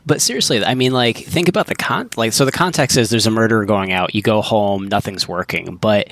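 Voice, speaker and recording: Male podcast guest, low voice, quick, blunt reasoner. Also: a bit bright, dry recording. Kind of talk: casual podcast chat.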